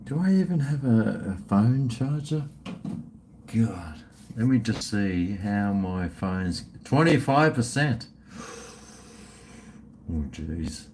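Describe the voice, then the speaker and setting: A middle-aged man drawls slowly through a casual livestream, mumbling and drifting off mid-thought. He swears freely and sips drinks between super chats, with faint noise in the background. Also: fairly low pitch, lively intonation, darkish tone. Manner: rambling, mumbling, trails off, swears often. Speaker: livestream host.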